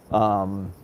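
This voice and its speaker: A man's voice: fairly low pitch, slight background noise. A man, a stand-up comedian, ranting in a casual monologue, agitated and profane, laughing between his complaints.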